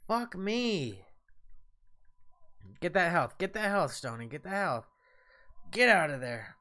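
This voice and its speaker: A man's voice: sits high, big pitch swings, takes it slowly. Tipsy man cursing at a boss fight. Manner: profane, yelling and cursing at the game. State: tipsy from drinks and smoking. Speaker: game streamer. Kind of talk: live gameplay commentary.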